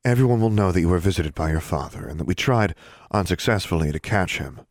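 A man reading an audiobook, voicing a stern, composed woman official in a measured, formal way. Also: sits low, lively intonation, no room sound. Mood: cool, formal.

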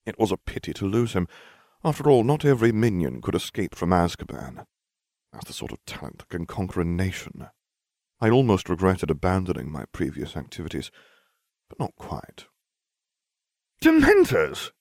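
Needs: a deadpan male storyteller, low, animated pitch. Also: fairly quick, vocal fry, no room sound, clean studio sound. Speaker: narrator. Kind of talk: reading fan fiction aloud.

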